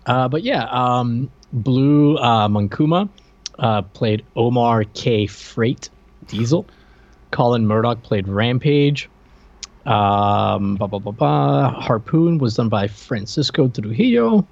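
A man's voice: medium pitch, lively intonation, takes it slowly, gravelly, a little mellow, no echo, dull audio. A man co-hosting a podcast in casual chat, hesitant, with many fillers and restarts. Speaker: podcast co-host.

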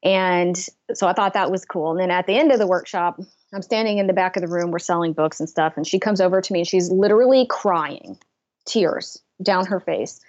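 A woman's voice: fairly low pitch, a little fast, darkish tone, highs cut off. A woman, a business coach telling a personal story in an interview, earnestly.

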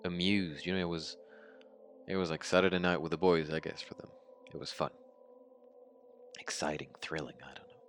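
An actor playing a haunted young man who survived a massacre, retelling it in a halting, stammering way in an audio drama monologue. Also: a bass voice, steady tone, soft background music. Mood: grim. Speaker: survivor recounting his story.

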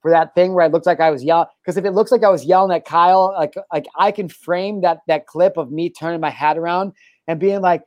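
A man hosting a casual podcast, joking around, animated, and swearing freely. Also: fairly high pitch, fairly quick, no room sound. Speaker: podcast host. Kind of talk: casual chat.

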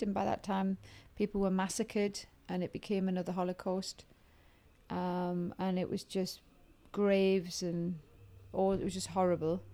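A middle-aged woman, a podcast guest telling her life story in a brisk, animated way and piling one event onto the next. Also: medium pitch. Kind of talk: conversational storytelling.

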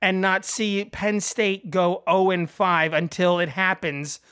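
A man's voice: high voice, fairly even intonation, slow, fairly bright tone, smooth. A man co-hosting a casual sports podcast, joking and rambling with frequent laughs. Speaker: podcast co-host.

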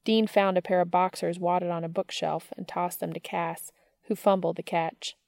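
A woman reading a piece of fiction aloud in a steady storytelling manner. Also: on the low side, normal speed, creaky, no room sound, clean studio sound. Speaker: fiction reader.

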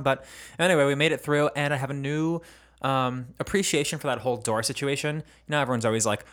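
A man's voice: medium pitch, quick pace, a bit bright. A man co-hosting a podcast, chatting casually with crude humor and frequent laughs. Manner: playful, crude, laughing often. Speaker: podcast co-host. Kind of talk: casual chat.

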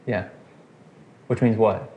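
A man's voice: fairly low pitch, fairly even intonation, takes it slowly, warm tone. A man leading a Bible study in a casual, conversational way, quizzing his group and checking in with "okay" and "right.". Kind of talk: conversational scripture teaching. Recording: roomy echo, faint noise.

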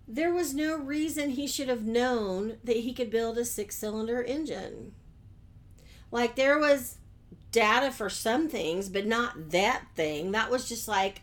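A woman hosting her own business podcast, talking conversationally and asking her listeners questions. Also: on the high side. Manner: friendly, conversational, rhetorical questions. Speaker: podcast host. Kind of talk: solo business podcast talk.

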